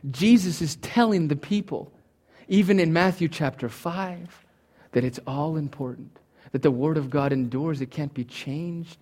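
A man preaching a sermon, teaching from Greek words with emphatic, swinging delivery and touches of humor. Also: fairly high pitch. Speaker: pastor.

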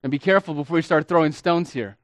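A man preaching a sermon as a pastor, teaching with deliberate emphasis and stretching key words, calling his listeners beloved and friends. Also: on the high side, no echo, clean studio sound.

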